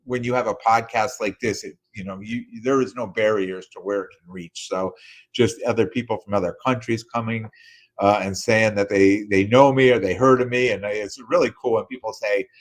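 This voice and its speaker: A man's voice: fairly low pitch, steady tone, normal speed. A middle-aged man hosting a podcast, giving a casual, rambling recap full of fillers and restarts. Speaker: podcast host.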